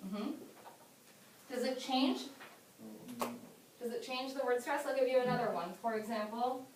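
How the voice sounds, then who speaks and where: Upbeat woman teacher, high voice. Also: measured pace, background noise. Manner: upbeat, encouraging, asks many questions. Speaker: English teacher. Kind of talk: classroom teaching. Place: classroom. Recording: echoey classroom from far off.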